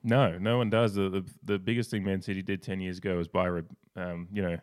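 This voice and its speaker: A man co-hosting a casual sports podcast, telling stories in a rambling, animated way with lots of restarts. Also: low-pitched, brisk. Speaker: podcast co-host.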